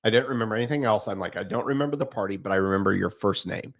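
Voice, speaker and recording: A man co-hosting a podcast, chatting casually and telling animated stories, acting out the voices he quotes and laughing often. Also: lowish voice, racing. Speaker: podcast co-host. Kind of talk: casual chat.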